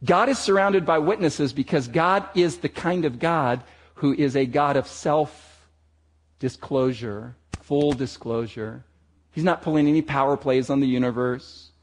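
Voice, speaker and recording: A man preaching a sermon to a gathered audience, emphatic and slowing down on his key words. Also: on the high side.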